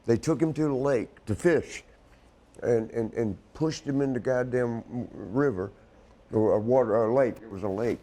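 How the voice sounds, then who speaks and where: A guest on a wrestling show, this man cries as he tells a painful family story, rambling and swearing in an emotional chat. He speaks at normal speed in a mellow, medium-pitched voice.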